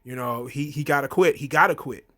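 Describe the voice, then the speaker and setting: Brief: slightly high male voice, casual reviewer, chatty recap full of fillers, laughs, and acted-out quotes. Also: brisk. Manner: animated storyteller, acts out quotes in high voices; frequent fillers, laughs often. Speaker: wrestling reviewer.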